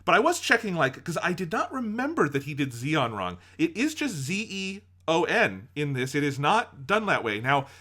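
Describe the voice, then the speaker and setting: A man's voice: a little high, very animated, moderate pace, few pauses, bright, forceful tone. A man co-hosting a podcast, chatting casually in a rambling, amused way with lots of fillers. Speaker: podcast co-host. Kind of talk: casual chat.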